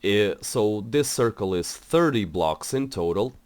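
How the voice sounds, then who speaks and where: Low-voiced, slow, rambling young man. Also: lively intonation, a little mellow, no echo. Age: young adult. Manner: rambling, hesitant, many fillers and restarts. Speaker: let's play host. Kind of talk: casual gameplay commentary.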